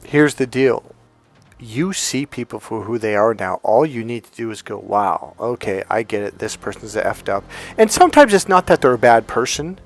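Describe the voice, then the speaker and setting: A man giving a casual motivational talk as a relationship coach, retelling conversations in a chatty, conversational way. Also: medium pitch. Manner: conversational, retells exchanges in quoted dialogue.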